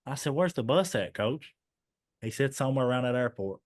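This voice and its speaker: A man's voice: medium pitch, lively intonation, a little fast. A young man, a podcast guest telling a story and acting out the dialogue as he goes. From Eastern Kentucky, USA. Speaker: guest, former basketball player.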